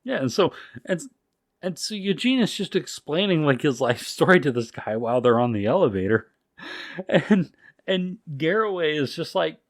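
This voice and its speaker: A man co-hosting a podcast, telling a story in casual, profane, animated talk. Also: a little high, moderate pace, dry recording, studio quality. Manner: animated, profane, full of restarts.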